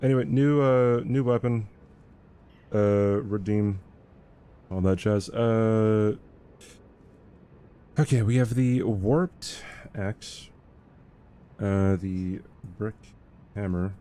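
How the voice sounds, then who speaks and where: Young male streamer, low dark voice, rambling casual talk with lots of "right?" and stammered restarts. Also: steady tone, drawn-out words, long pauses, clean tone. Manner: rambling, frequently ends points with "right?"; stammers and repeats words. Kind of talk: casual livestream chat while gaming.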